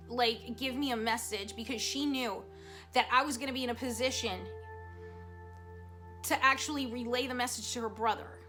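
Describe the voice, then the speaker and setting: Casting: high, bright-voiced woman, chatty vlogger storytelling with feeling, soft music underneath. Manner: animated, chatty, emotional storyteller with many fillers. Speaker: psychic vlogger. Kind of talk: casual storytelling to camera. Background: soft background music.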